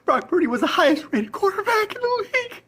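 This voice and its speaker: A woman's voice: very high-pitched, big pitch swings, fast, fairly bright tone, full character voice. A woman playing a panicked, guilt-ridden fantasy football manager in a comedy sketch, whispering breathlessly and swinging between terror and relief. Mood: guilty whisper.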